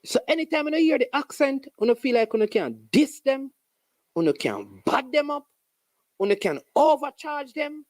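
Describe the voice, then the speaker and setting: A host with a Jamaican accent giving an animated, sarcastic casual commentary monologue with local phrases. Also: sits high, a little slow, no room sound.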